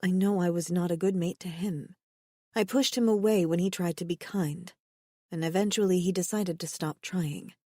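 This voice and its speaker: A woman voicing a gentle, sorrowful young alien woman who speaks softly and formally, without contractions. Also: on the low side, steady tone, moderate pace, no room sound, studio quality, natural voice. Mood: sad. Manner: soft and mild.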